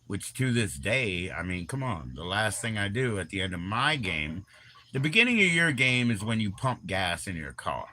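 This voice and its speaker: A man's voice: lowish voice, sing-song, moderate pace, sharp tone. Rambling man chatting on a livestream. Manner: rambling, slangy, jumps between topics and greets chatters. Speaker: livestream host. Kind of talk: casual livestream chat.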